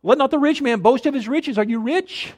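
High-voiced preaching pastor. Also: male voice, brisk, darkish tone. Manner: dynamic preaching, rhetorical questions, drops to near-whisper for emphasis. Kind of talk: sermon.

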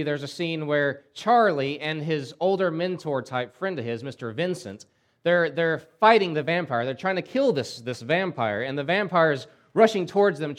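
A male pastor delivering a sermon in a conversational storytelling way, often restarting his words. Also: on the high side.

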